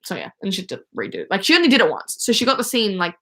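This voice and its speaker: Young woman livestream host, bright voice, excitable fan rambling. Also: medium pitch, rapid-fire. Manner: chatty, gushing, many fillers and restarts. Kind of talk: casual fan chat. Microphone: phone or webcam.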